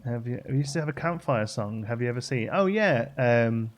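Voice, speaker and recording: A young man chatting on a live game stream, rambling along enthusiastically with plenty of fillers and false starts. His voice sits at a middle pitch, and his delivery is relaxed and conversational. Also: a little fast, a little hiss or hum. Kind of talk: casual live-stream chat.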